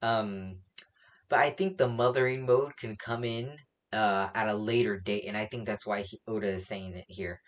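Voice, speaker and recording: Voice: mid-range voice, steady tone, moderate pace. A reviewer casually recapping a comic chapter, rambling with many fillers and laughing at their own slips. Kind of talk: casual spoken recap and opinion.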